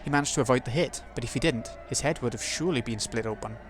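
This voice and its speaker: A man's voice: mid-range voice, quick pace, music in the background. A man hosting a let's play, reading a visual novel's narration aloud and muttering asides to himself between passages.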